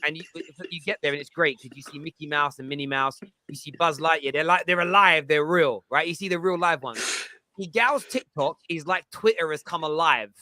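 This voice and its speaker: A man hosting a casual football chat, teasing and animated. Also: on the high side, brisk, no echo. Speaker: panel host.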